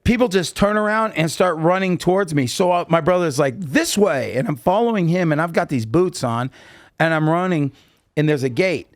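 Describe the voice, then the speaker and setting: A man's voice: fairly high pitch, fairly quick, dry recording, clean studio sound. A man guesting on a podcast, telling long casual anecdotes with lots of fillers and restarts. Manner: rambling, animated anecdotes with many fillers. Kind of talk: casual storytelling interview.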